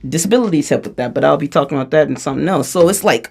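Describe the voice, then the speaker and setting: A spiritual channeler speaking a freestyle channeling monologue, animated and chatty and often laughing. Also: medium pitch, fast talker, gravelly. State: out of breath.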